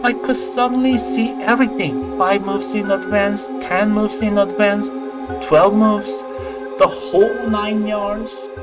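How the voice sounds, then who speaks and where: A man's voice: high voice, steady tone, takes it slowly, pitched above the performer's own voice. A man voicing an earnest, distressed young woman Go player in a game read-aloud, talking in a pleading, insistent way. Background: background music.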